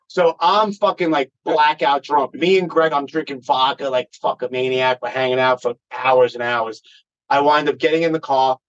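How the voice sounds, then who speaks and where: A man's voice: mid-range voice, steady tone, moderate pace, a bit bright. A man, a podcast guest swearing freely as he tells a rambling story in casual conversation. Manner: profane, rambling anecdote-telling. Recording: dull lo-fi recording.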